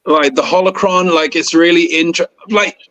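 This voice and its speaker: A man co-hosting a podcast in casual chat, excitable and rambling, with bursts of enthusiasm. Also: fairly high pitch, normal speed, slight background noise, poor audio. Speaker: podcast co-host.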